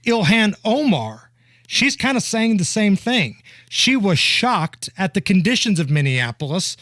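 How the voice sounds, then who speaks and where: A man's voice: high voice, big pitch swings, measured pace, fairly bright tone, dry recording. A man hosting a talk radio show, with a blunt, joking, scoffing manner, speaking into a studio microphone. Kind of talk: conservative talk radio chat.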